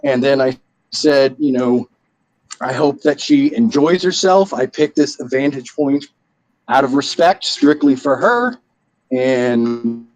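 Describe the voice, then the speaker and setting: A man describing his character's actions in a tabletop game, in a slow, hesitant way. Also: mid-range voice, darkish tone, low-quality recording. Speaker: player.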